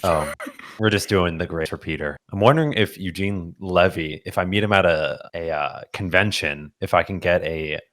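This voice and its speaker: A man co-hosting a casual movie-review podcast, talking in an excitable way with lots of exclamations. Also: sits low, normal speed. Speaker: podcast co-host. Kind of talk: casual chat.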